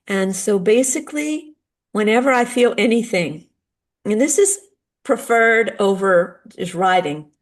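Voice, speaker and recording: A middle-aged woman and spiritual guide speaking in a gentle, earnest way about healing, now and then acting out little dialogues. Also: mid-range voice. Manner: gentle, earnest, acts out short dialogues with lively shifts. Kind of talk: heartfelt talk on healing grief.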